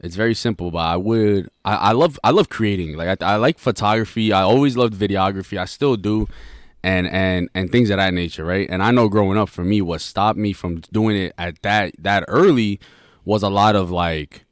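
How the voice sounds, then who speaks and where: A man's voice: on the low side, normal speed, dry recording, studio quality. A young man co-hosting a podcast in casual chat, rambling with restarts and slang. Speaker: podcast co-host.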